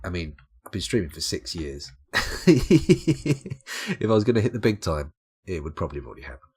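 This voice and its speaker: Tired streamer, young man, lowish husky voice, lively ups and downs, self-mocking late-night ramble. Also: moderate pace. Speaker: game streamer.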